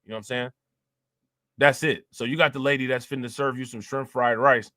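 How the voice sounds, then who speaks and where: A man's voice: mid-range voice, fairly even intonation, brisk, pushed and bright, no echo, studio quality. A young man commenting casually on a livestream and reading out chat comments, with lots of fillers and repeated words. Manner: loose and conversational, fillers and repeats.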